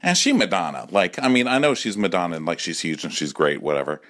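A man's voice: low-pitched, expressive, quick pace, a bit bright. A man in his forties delivering a campy, profane comic monologue at home, often acting out other voices. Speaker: comedy podcast host.

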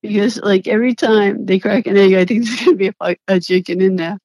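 A woman's voice: medium pitch, fast talker, no room sound, poor audio. A young woman, an interview guest, telling a story with lots of laughter, swearing and acted-out quotes. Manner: animated, laughs often, swears, acts out quotes. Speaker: interview guest, former reality show contestant. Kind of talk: casual storytelling.

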